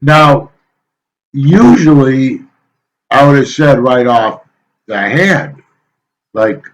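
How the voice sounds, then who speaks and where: A male teacher giving a casual, folksy lecture to his students, rambling a little with frequent pauses and filler sounds. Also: medium pitch, lively intonation, poor audio.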